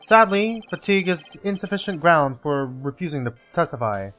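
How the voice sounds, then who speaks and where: A man's voice: a little high, expressive, normal speed, a bit bright, soft background music. A man voicing a flustered, stuttering middle-aged male prosecutor in a video game.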